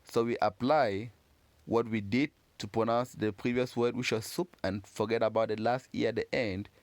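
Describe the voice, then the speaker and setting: A man's voice: on the low side, steady tone, dry recording. Patient man teaching French sounds. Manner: patient, encouraging, repeats words slowly. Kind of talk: pronunciation lesson for learners.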